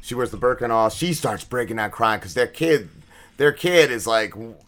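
Man, podcast co-host, bright tense tone, loose profane rambling recap. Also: mid-range voice, lively intonation, normal speed. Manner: rambling, profane, many fillers and restarts. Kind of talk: casual episode recap.

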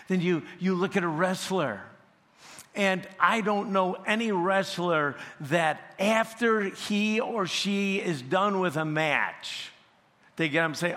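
A male pastor preaching a sermon at a slow, deliberate pace, building to emphatic peaks. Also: a little high, fairly bright tone. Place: church sanctuary. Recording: long church reverb.

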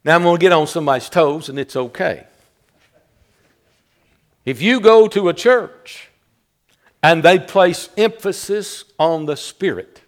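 A man's voice: on the high side, expressive, slow. A man, preaching a sermon as pastor, emphatic and repetitive, building into fervent exclamations. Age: 60s.

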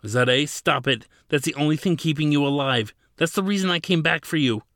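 A man's voice: on the high side, brisk, fairly bright tone, dry recording, studio quality, pitched above the performer's own voice, lightly acted. A man voicing a desperate young man who pleads and screams in anguish. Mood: pleading.

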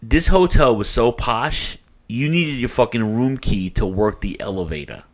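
A man with a mid-range voice speaks a little slowly. As co-host of a casual podcast chat, he tells an animated story with plenty of swearing.

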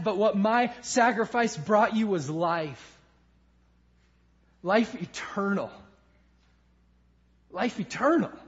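A man preaching a sermon with passion, swinging from loud emphasis to hushed lines. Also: extremely high pitch, muffled recording. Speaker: pastor.

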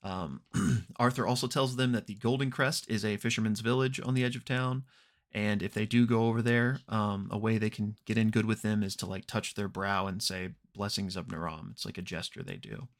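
A man hosting a podcast, casually recapping an actual-play episode with many ums and quick acted-out quotes. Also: fairly low pitch. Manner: relaxed, unhurried retelling with frequent ums and throat clearing; briefly acts out characters' lines in quoted voices.

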